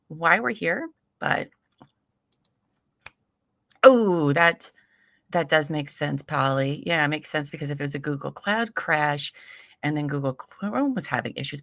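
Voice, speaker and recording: Bright, chatty woman hosting a livestream. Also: deep voice, dry recording, clean studio sound. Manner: chatty, giggly, greets viewers. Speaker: livestream host. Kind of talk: casual livestream chat.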